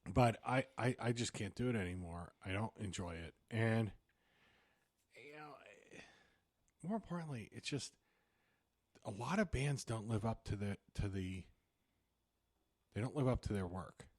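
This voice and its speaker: A man's voice: lowish voice, expressive, measured pace, pauses often, darkish tone, dry recording. A married man co-hosting a podcast, talking easygoingly with stammered restarts. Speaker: podcast co-host. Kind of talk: casual chat.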